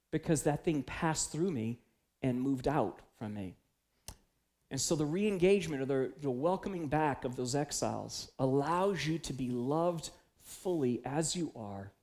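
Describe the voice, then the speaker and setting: A man delivers a conversational church sermon, telling candid personal stories and acting out his own inner voice. His voice sits a little high and carries a gravelly, fry-tinged texture. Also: a little mellow. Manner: confessional, storytelling, acts out his own inner voice. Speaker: pastor. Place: church sanctuary.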